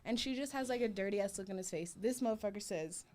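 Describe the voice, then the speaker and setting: Animated young woman telling a wild story. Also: medium pitch, quick pace. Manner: animated, laughing often, acting out quoted voices. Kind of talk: casual storytelling.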